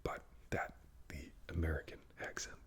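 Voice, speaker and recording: A man giving a whispered ASMR talk, speaking in a soft unvoiced whisper, an unhurried explainer who often doubts himself. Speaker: ASMR creator.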